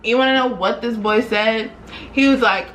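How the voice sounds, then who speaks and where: A young woman vlogger retelling a story in a casual, animated, slangy way, acting out quoted dialogue. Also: on the high side, moderate pace, slight background noise, poor audio.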